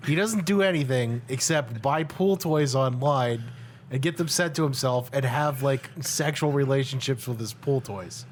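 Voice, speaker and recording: A man's voice: mid-range voice, moderate pace, a little hiss or hum. A man co-hosting a podcast, chatting casually and telling a story loosely, with plenty of swearing and laughter. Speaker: podcast co-host. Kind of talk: casual chat.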